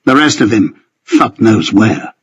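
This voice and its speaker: A man narrates a first-person story in a husky voice at a middling pitch. His telling is tense and vivid. The recording sounds dull and lo-fi. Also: very animated, a little slow, no room sound. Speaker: audiobook narrator.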